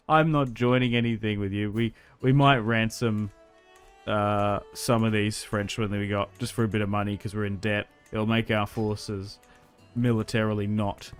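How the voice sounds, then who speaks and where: A man giving casual, upbeat commentary on a strategy game he is playing, chatty and quick to laugh. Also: fairly low pitch, level tone, soft background music. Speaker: gaming YouTuber.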